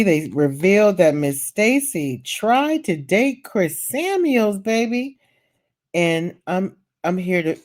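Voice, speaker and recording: A woman talks into her camera at home late at night, gossiping in a casual vlog. Her voice sits low and mellow, and she takes her time, drawling through fillers and calling her viewers "child" and "baby". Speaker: vlogger.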